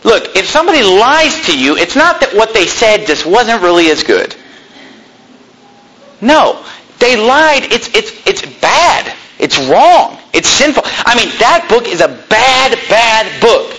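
A man's voice: sits high, big pitch swings, measured pace, pushed and bright, poor audio. A man preaching a fiery sermon in a church, combative and sarcastic, quizzing the congregation. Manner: combative, sarcastic, asks the congregation for shows of hands.

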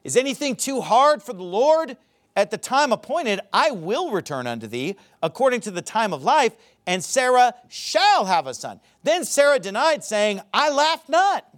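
A man preaching a sermon with a high, lively voice. He reads scripture and acts out characters' words with mocking, animated emphasis. His pitch climbs and swoops as he drives each point home. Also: normal speed. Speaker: pastor.

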